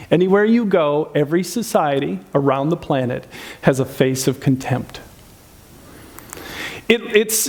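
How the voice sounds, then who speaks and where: Man, pastor, sermon, high voice, conversational, asks the crowd questions. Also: darkish tone. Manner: acts out insulting quotes in changed voices.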